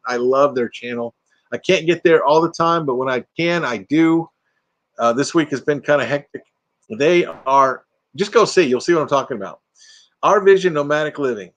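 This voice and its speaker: A man's voice: medium pitch, a bit bright. Chatty older man hosting a livestream. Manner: chatty, laughs often, reads comments aloud. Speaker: livestream host. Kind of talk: casual live chat with viewers. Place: home room with green screen.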